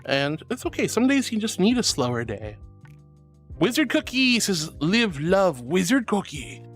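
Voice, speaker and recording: Gushing streamer with a lively, swooping voice who calls chat "sweetie," faint music underneath. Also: measured pace, breathy edge. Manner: bubbly, affectionate, calls viewers sweetie; swoops into high squeals of excitement. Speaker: VTuber streamer. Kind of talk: livestream chat reading viewer messages.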